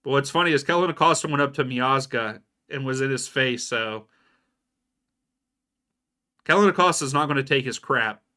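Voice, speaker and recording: A young adult man gives casual live match commentary for a watchalong stream, reacting to plays and answering viewers by reading out their chat names. His mid-range voice is bright and forceful, at normal speed with frequent pauses.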